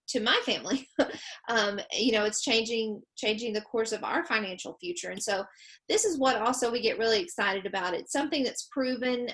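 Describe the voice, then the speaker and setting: A woman's voice: on the high side, a bit bright. A woman co-hosting a webinar from home over a video call, upbeat and chatty, with frequent ums and laughs. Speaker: webinar co-host. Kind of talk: casual presentation.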